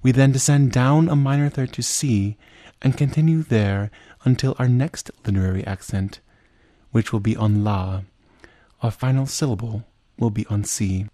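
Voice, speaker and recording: A man teaching liturgical chant, explaining each step in a measured way and then singing chanted examples. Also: medium pitch, warm tone, no echo. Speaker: chant instructor. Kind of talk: spoken lesson with sung examples.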